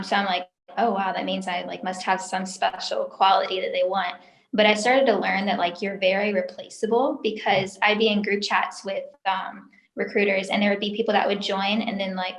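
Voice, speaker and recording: A young woman speaks candidly as an interview guest, emotional and chatty, leaning on frequent filler words. Her voice sits at a middle pitch and carries a noticeable room echo. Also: fairly even intonation, normal speed, gravelly. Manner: emotional, talkative, lots of "like" fillers. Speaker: interview guest, former sales recruiter. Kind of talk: candid personal story in an interview.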